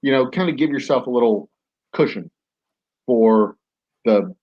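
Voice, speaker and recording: A man's voice: medium pitch, unhurried, muffled recording. A man hosting a podcast, telling a story casually, rambling with many fillers and restarts. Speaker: podcast host.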